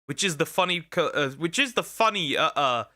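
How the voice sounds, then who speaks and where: A young man reacts to a video, joking, rambling and heavy on internet slang. His voice is bright and sits a bit high for a man. The sound is dry and close, with no room around it. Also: animated, normal speed, no room sound. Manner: rambling, jokey, full of slang and restarts. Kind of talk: casual reaction commentary.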